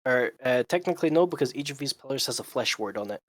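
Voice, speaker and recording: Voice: medium pitch, lively intonation, fast talker, dry recording. A game master narrating a tabletop game, explaining rules in an explanatory way with frequent fillers.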